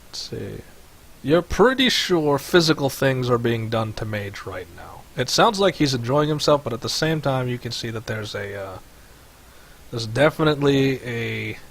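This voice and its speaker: A man's voice: mid-range voice, measured pace, a bit bright, slight background noise. A man running a tabletop game as game master over voice chat, rambling with many fillers. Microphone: headset or desk mic on voice chat.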